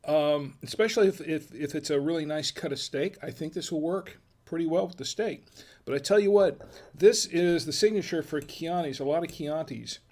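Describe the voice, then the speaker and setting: A man's voice: on the high side, normal speed, darkish tone. An American man hosting a casual wine tasting, chatty and folksy, murmuring as he samples food and wine. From United States. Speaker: wine review host.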